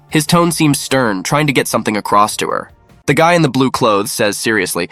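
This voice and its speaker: Guy narrating a story recap, plain mid voice, dry sound, soft music under it. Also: mid-range voice, expressive, moderate pace, dry recording. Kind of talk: scripted narration.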